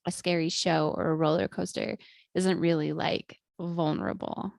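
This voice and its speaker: Gravelly-voiced young woman co-host, dry sound. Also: sits low, flat delivery, normal speed, a little mellow, no echo. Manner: casual, conversational, chimes in with short replies. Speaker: podcast co-host. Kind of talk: casual chat.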